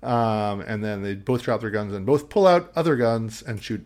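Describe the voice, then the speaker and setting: A man's voice: fairly low pitch, normal speed, darkish tone. A man co-hosting a podcast, recapping a film in casual chat and rambling with lots of ums. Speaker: podcast co-host.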